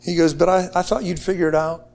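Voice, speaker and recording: A man from the United States telling a testimony to a group in an excited, casual way, with slang and many restarts. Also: sits high, quick pace, gravelly, very noisy. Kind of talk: animated storytelling to a group.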